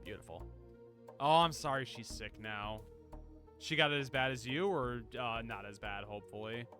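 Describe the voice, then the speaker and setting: A man's voice: mid-range voice, normal speed, bright, forceful tone, faint music behind. A man streaming a game, chatting casually, reading game text aloud and laughing often. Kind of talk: casual gameplay commentary.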